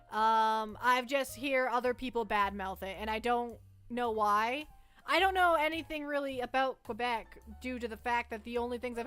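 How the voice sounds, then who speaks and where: A woman's voice: a little high, a bit bright. A young Canadian woman hosting a livestream, rambling casually with her chat and often restarting her sentences. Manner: rambling, chatty, self-interrupting. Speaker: livestream host.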